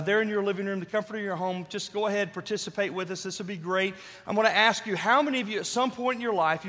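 A man with a high voice preaches a Sunday sermon in a casual, repetitive style, asking the room "right?" again and again. His words ring out with a long reverb through a big church sanctuary. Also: fairly bright tone. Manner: repetitive, rhetorical, conversational preaching with frequent "right?". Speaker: pastor. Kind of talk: sermon to a live congregation.

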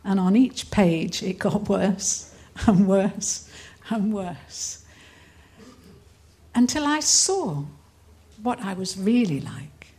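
An older woman from England tells her testimony at a conference. She speaks slowly and earnestly, at a middle pitch, and laughs easily between her lines. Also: animated, darkish tone. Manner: earnest storytelling, breaks into laughter. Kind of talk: testimony talk.

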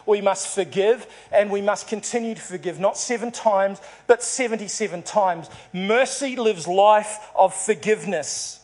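A man's voice: high voice, a little slow, few pauses, darkish tone. A man preaching a sermon to a congregation, telling a story and acting out its dialogue. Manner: storytelling, acts out dialogue in the parable. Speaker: pastor.

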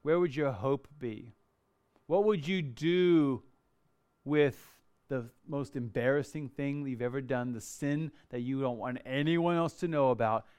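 A man preaching a sermon, rising loud on the crowd's cries and dropping soft and slow when he asks the listeners to reflect. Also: medium pitch, clear, resonant tone. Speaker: pastor.

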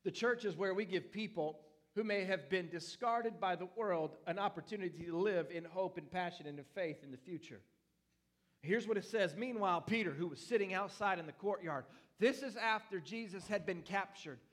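A young man preaches a lively sermon in a church. His voice sits a bit above the usual pitch, and he moves from loud bursts to softer asides with a playful touch. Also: moderate pace. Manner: animated, playful preaching with lively swings in loudness. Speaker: pastor.

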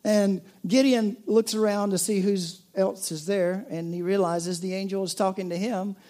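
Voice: mid-range voice, fairly even intonation, moderate pace. Conversational preacher, joking then earnest. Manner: conversational preaching, jokey asides, drops to soft earnest tone. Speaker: pastor. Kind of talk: sermon.

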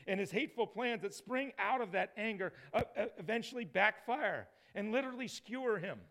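Guy preaching a sermon, gravelly, kinda high voice, goes big then real quiet. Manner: dynamic preaching, swings from loud emphatic to soft hushed. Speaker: pastor.

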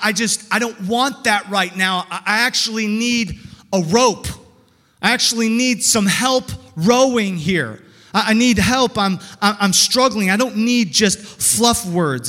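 A man's voice: high-pitched, pushed and bright, big-room sound. A man preaching an earnest, conversational sermon full of rhetorical questions and restarts. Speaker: pastor.

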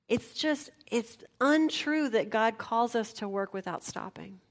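A woman pastor, preaching a personal, confessional sermon and dropping to a near whisper at tender moments. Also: medium pitch.

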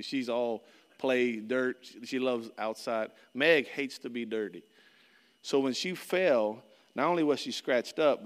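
A man's voice: mid-range voice, long reverb tail. A middle-aged man preaching a sermon as pastor, earnest and conversational, often repeating his phrases.

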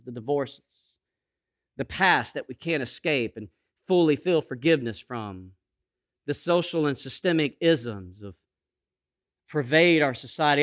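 A man preaching a sermon, moving from quiet, intimate passages to emphatic, rising calls to the congregation. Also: high voice. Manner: dynamic preaching, swings from hushed to emphatic. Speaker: pastor.

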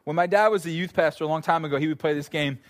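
A male pastor preaches at an evening church service, his voice sitting a touch high for a man. He talks to the congregation like friends, spinning animated, casual stories with playful little asides. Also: rapid-fire. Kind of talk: sermon.

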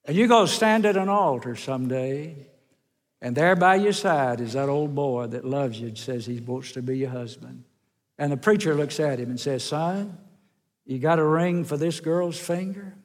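A man preaching a sermon, telling folksy stories and swinging his voice up and down. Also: normal speed. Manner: folksy storytelling with wide swings in pitch and loudness. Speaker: pastor. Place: church sanctuary. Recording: long church hall reverb.

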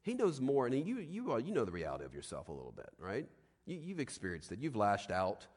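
An emphatic male preacher delivering a sermon, with his voice sitting at an average pitch. He keeps asking rhetorical questions, and the sound rings with a long reverb from a large hall. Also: huge pitch swings, a little fast, darkish tone.

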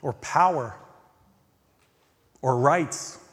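A man preaching a sermon as pastor, earnest, swinging from emphatic questions to hushed, near-whispered lines. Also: mid-range voice, extremely slow. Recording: long reverb of a large hall.

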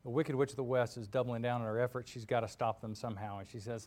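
A man preaching a sermon in a conversational, candid way, animated as he retells stories. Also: mid-range voice, quick pace, hardly any pauses.

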